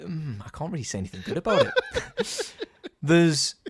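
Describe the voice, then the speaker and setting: Man, podcast co-host, blunt, sweary, quick mimicry, mid pitch, very expressive, dry close sound. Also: husky, no room sound. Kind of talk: casual podcast chat.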